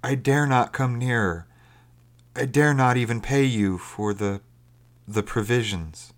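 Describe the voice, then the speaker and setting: A man's voice: medium pitch, unhurried, voice pushed up, lightly acted. A man doing a hopeless, pleading old castaway. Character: starving old castaway man, desperate and fearful.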